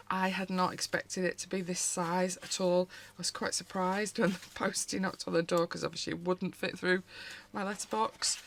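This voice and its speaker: A woman's voice: mid-range voice, a little hiss or hum. A British woman hosting a casual haul vlog from home, talking in a rambling, chatty way with frequent asides as she pages through books. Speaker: colouring channel host.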